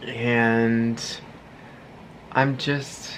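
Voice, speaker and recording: A man's voice: mid-range voice, level tone, very slow, a bit bright, a little hiss or hum. A man in his thirties talking casually to the camera in his home office, chatty and laughing often. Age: 30s. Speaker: vlogger. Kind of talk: casual vlog talk. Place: home, third-floor office. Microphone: handheld camera.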